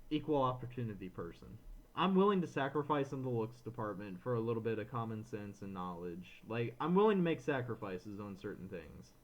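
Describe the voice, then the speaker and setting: An animated man co-hosting a casual podcast, telling his story in a mid-pitched voice. He rants with rising frustration and slips into quick impressions of the people he met. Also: dull audio. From Florida, USA. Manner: animated ranting, acts out others in quotes. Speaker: podcast co-host.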